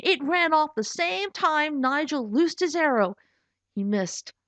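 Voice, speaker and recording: Woman author reading her storybook, lively pitch; dry, dull recording. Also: takes it slowly, dry recording. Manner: expressive storytelling, voices for characters. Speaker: author and narrator. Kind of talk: scripted audiobook narration.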